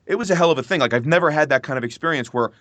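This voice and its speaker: A male voice actor as a podcast guest, telling animated stories and swearing freely. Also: fairly high pitch, racing, dry recording. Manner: animated storyteller, swears freely, acts out his own reactions. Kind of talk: casual podcast interview.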